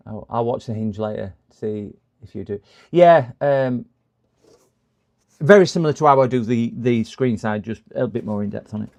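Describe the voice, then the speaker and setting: A man's voice: medium pitch, normal speed, a little mellow. A man chatting casually with viewers on a live stream while repairing a computer, rambling and thinking aloud as he works.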